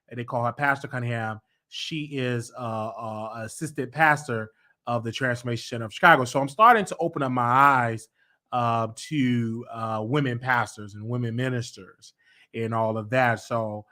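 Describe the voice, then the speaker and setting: A man hosts his own show in a loose, rambling monologue. His voice is bright and forward, full of fillers and restarts, and it breaks into loud teasing bursts. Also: mid-range voice. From United States. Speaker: show host. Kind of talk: casual live-stream monologue.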